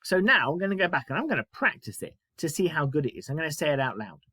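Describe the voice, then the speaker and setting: A man's voice: fairly high pitch, very animated, quick pace, bright, forceful tone, husky, dry recording. A man teaching a writing lesson, chatty and self-mocking, explaining step by step. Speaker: primary school teacher.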